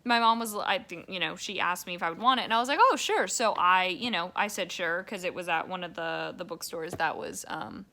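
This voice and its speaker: A woman's voice: on the low side, brisk, few pauses, pushed and bright. A young woman chatting casually in a daily vlog, rambling from topic to topic and sometimes getting worked up. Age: young adult. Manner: rambling, chatty, rising to exasperated rants. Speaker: vlogger.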